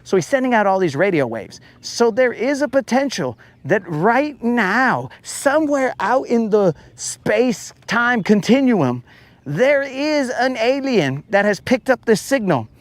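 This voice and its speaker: A man's voice: very high-pitched, big pitch swings, unhurried, no echo. A man hosting a live fishing stream from a boat, chatting casually in a playful, rambling, slang-heavy way. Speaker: fishing livestream host. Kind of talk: casual chat. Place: boat on a lake, outdoors.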